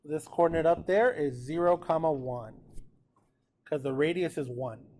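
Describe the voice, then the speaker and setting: Guy teaching math class, kinda high voice, laid back, keeps asking "cool or not cool". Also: moderate pace, a little hiss or hum. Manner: relaxed and chatty, checks in with students often. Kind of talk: classroom lecture recorded with notes.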